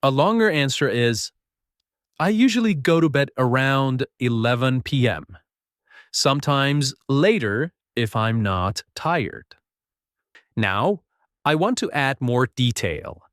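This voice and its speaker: Male English teacher, slow and animated, dry close recording. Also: medium pitch, no room sound. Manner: slow, clear, encouraging, repeats phrases.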